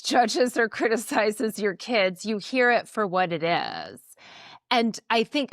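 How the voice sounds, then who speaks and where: A woman's voice: mid-range voice, no echo, studio quality. A woman co-hosting a parenting podcast who speaks thoughtfully, affirming her partner and summing up the points. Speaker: podcast co-host. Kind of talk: casual parenting chat.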